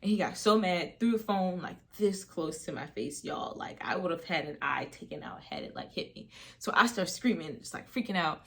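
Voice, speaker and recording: A young woman tells a personal story straight to the camera, in a casual and chatty vlog style. Her voice sits on the lower side, and she fills her speech with "like" and "you know what I mean". It sounds like a relaxed storytime upload. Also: moderate pace. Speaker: vlogger.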